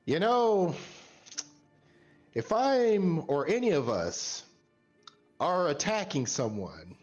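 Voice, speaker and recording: Slow, lively male tabletop player. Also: fairly high pitch, muffled recording, faint music behind. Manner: laid-back, drawn out, laughs often. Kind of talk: casual tabletop play.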